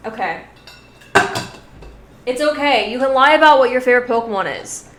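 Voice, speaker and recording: Giggly and meandering, a female streamer swears openly while chatting casually on her live stream. She speaks at a normal speed in an animated, higher-pitched voice. There's a roomy echo and slight background noise.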